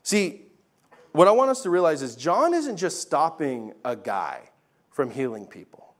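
A male pastor preaching a sermon in a chatty, animated way with laughing asides. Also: a little high, a little slow.

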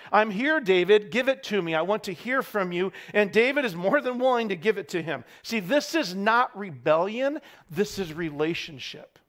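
A middle-aged pastor with a high voice preaches a sermon. He builds to shouted peaks, breaking them up with wry asides about parenting.

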